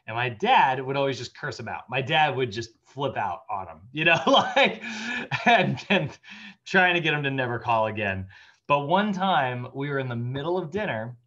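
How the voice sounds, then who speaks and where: A man's voice: mid-range voice, animated, normal speed, a bit bright, muffled recording. Chatty man giving a casual lecture. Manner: chatty, anecdotal, many fillers, laughs while telling stories. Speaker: fitness instructor.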